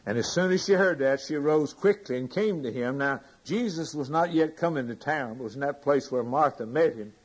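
Husky-voiced man preaching a sermon. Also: medium pitch, fairly quick, hardly any pauses, low-quality recording. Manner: reads scripture aloud and comments, asking the congregation questions.

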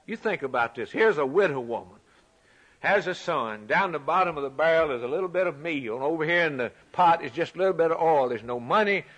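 A man preaches with a bright, forceful edge to his voice that sits a touch higher than most men. He repeats his points for emphasis, swelling loud when he reads scripture and falling to a hush on key lines. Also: animated, a little fast. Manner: emphatic, repeats phrases, swings from loud to quiet; reads scripture aloud in a raised voice. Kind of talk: sermon.

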